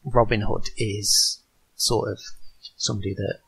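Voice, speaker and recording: Gravelly, husky man talking games. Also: fairly low pitch, flat delivery, a bit bright, poor audio. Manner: halting, many restarts and ums. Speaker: board game designer guest. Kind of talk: casual podcast interview.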